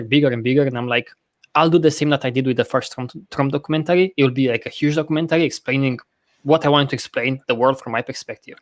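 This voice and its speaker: Rambling, profane podcast host. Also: male voice, medium pitch, no room sound. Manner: rambling, profane, self-correcting; laughs often. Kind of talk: casual podcast chat.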